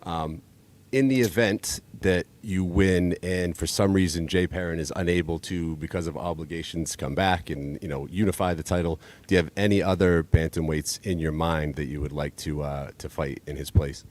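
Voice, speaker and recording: A man asking a fighter a question at a press conference, his voice very deep. He speaks in a measured, slightly hesitant way, pausing with ums as he builds the question. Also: steady tone, a little mellow. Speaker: reporter.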